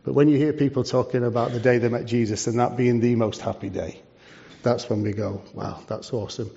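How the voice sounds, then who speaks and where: A man's voice: medium pitch, steady tone, brisk, creaky, dark tone. A man, a charity leader giving a preaching talk to a church, conversational and full of rhetorical questions. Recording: dull lo-fi sound.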